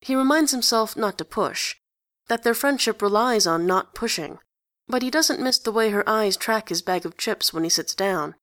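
A woman narrating a story in an even, conversational way. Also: mid-range voice, moderate pace, no echo, studio quality. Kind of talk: story reading.

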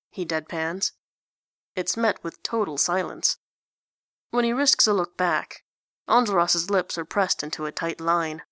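Woman reading a story with bright tone. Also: lowish voice, a little slow, dry recording, clean studio sound. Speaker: story reader. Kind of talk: reading fan fiction aloud.

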